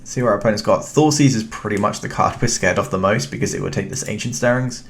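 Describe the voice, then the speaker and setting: A young British man gives relaxed commentary on his card game, talking to himself and his opponent as he plays. His voice sits low with plenty of gravelly fry. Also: fast talker. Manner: relaxed, thinking aloud, chatty with the opponent. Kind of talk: casual gameplay commentary.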